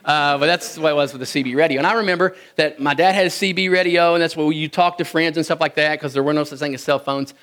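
A Kentucky man tells funny childhood stories to an audience in a folksy, joking way, chuckling often. He talks fast with few pauses, in a fairly high, slightly bright voice with fairly even intonation.

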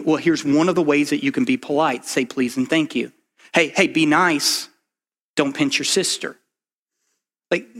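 Fast-talking man preaching. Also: fairly high pitch, a bit bright. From Kentucky. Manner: conversational, fast, lots of "like" and "right?". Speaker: pastor. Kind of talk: sermon.

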